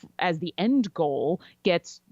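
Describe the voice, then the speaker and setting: A woman guest on a podcast, chatty and animated as she tells a story about a game. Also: fairly low pitch, takes it slowly, dry recording. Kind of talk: casual storytelling interview. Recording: dry, slightly dull lo-fi sound.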